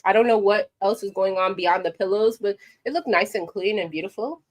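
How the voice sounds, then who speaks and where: Speaking to camera at a fairly quick pace with a medium-pitched voice, this New York commentary vlogger is animated and sassy as she shares her opinions directly with viewers.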